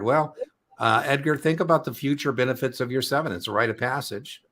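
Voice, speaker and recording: A man's voice: mid-range voice, fairly quick, a bit bright. A middle-aged man hosting an exam prep live stream, chatting casually and telling rambling, joking stories.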